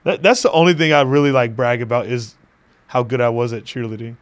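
A man's voice: medium pitch, fairly even intonation, a little fast. A man hosting a podcast in loose, joking chat, laughing often and swearing freely. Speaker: podcast host.

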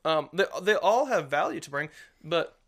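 A man's voice: fairly high pitch, normal speed. Man talking casually, rambling, faith podcast co-host, plays out quotes. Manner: rambling, animated, acts out quotes.

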